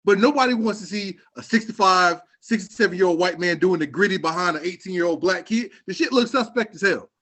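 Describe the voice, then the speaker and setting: A man with a fairly high voice rants about sports in loose, slangy podcast talk. He jokes and teases as he goes, keeping it casual and lively. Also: a little fast, hardly any pauses. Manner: animated rant, slangy and joking. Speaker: podcast co-host.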